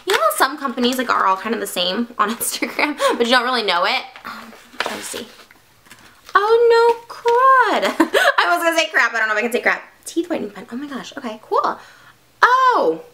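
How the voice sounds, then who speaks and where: A young woman vlogging an unboxing in a bubbly, excitable, gushing way. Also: on the high side, fast. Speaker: beauty vlogger. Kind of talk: casual unboxing vlog.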